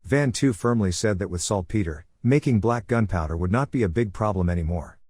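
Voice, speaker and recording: A man reading a scripted story recap in a flat, even narration style on a close mic. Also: on the low side, a little fast, slightly rough, dry recording.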